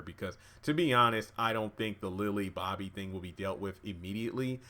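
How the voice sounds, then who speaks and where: A man casually recapping and reviewing a TV episode, chatty and relaxed, with plenty of fillers. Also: sits low. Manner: relaxed, chatty, acts out dialogue with many fillers. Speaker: YouTube TV reviewer.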